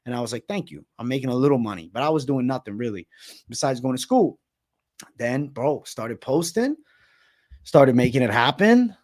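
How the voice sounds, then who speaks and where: A man's voice: medium pitch, lively intonation, moderate pace. A man in his twenties hosting a casual livestream, hyped and profane, heavy on slang. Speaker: livestream host.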